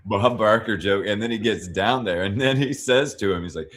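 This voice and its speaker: A man with a very low voice co-hosting a casual movie podcast. He is laid-back and acts out quoted movie lines with relish. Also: fairly bright tone. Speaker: podcast co-host. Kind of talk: casual chat about a movie.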